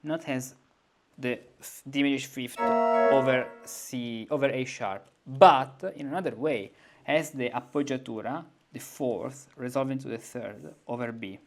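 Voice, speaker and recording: Male music teacher, mid-pitched, relaxed teaching voice, hums melodies on syllables, keyboard playing behind. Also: measured pace. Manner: hums and sings melodies on syllables while thinking aloud. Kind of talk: informal composition lesson at the keyboard.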